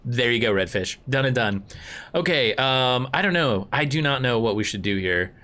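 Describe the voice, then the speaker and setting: A streamer commentates a story game live in a chatty, rambling way, giggling at his own slips and tossing asides to his chat. His voice is medium-pitched and sharp, with lively intonation at a moderate pace.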